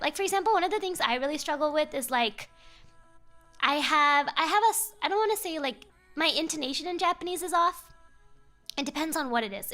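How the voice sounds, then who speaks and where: A woman's voice: high voice, bright, forceful tone. A chatty young woman streaming a casual chat, laughing often and switching between English and Japanese.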